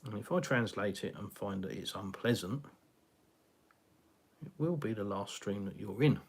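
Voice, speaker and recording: Answering viewer comments on a live stream, this middle-aged Englishman chats and rambles, full of fillers and restarts. He has a southeastern accent touched with a slight West Country twang, and his lowish, husky voice carries lively intonation at a moderate pace.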